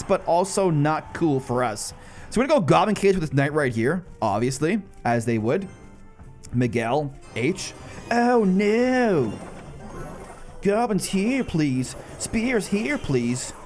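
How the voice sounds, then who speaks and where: Excitable high-voiced man narrating gameplay. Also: slow pace, faint music behind. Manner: excitable, bursts into high disbelieving shouts. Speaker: gaming channel host. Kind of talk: live gameplay commentary.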